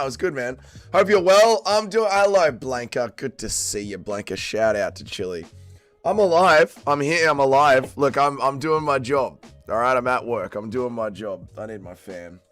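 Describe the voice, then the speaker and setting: An Australian livestream host, still drunk and tired after a late night, chats and swears with his viewers. His mid-range voice has a fairly bright tone, and the banter is laid-back.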